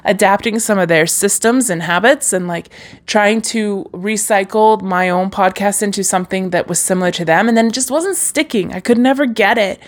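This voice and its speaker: In a casual solo episode of her podcast, a young woman talks encouragingly, with lots of fillers and restarts. Her voice is mid-range and her pace normal.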